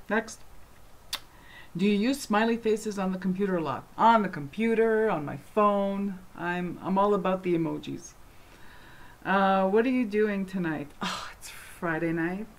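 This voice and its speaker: Chatty, low-voiced woman vlogging at home. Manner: chatty, rambling, full of fillers and restarts; animated and passionate when speaking. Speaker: vlogger answering fan questions. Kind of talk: casual chat.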